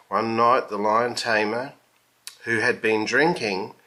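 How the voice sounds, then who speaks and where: A man reading a children's story aloud, lingering over each phrase in a very slow, expressive way. His voice has a bright, forward tone. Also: mid-range voice.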